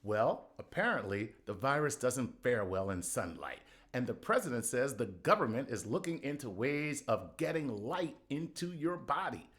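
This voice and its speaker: A man's voice: medium pitch, big pitch swings, normal speed, few pauses, fairly bright tone. A middle-aged man doing a sarcastic comedy monologue, punchy, with sudden outbursts.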